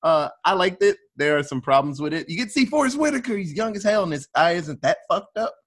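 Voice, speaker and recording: A man's voice: high-pitched, big pitch swings, fast, a bit bright, slightly rough. A man hosting a casual movie podcast, talking loosely and rambling with plenty of fillers and swearing. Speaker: podcast host.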